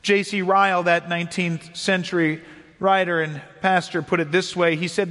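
A man preaching a sermon as a pastor, earnest and measured, slowing down for emphasis. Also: sits high, little pitch movement, pushed and bright, in a large hall.

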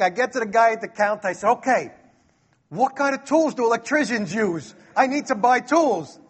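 A middle-aged man from Brooklyn, telling a personal story and acting out the dialogue with chuckles. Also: sits high. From Brooklyn, New York. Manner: lively, acts out dialogue, chuckles.

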